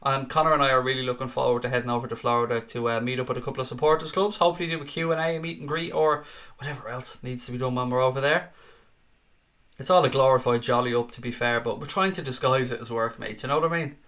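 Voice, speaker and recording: Bright-voiced young man hosting a fan stream. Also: mid-range voice, fairly even intonation, quick pace. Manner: chatty and matey, often calls viewers "mate". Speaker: fan watchalong host. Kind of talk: casual live-stream chat, reading viewer comments.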